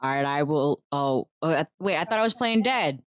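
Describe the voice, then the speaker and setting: A woman with a very low voice, playing a tabletop game with friends. The sound is dry and close, and she keeps asking uncertain questions about the rules. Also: lively intonation, moderate pace, no room sound, lo-fi sound. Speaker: player. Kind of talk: casual tabletop play.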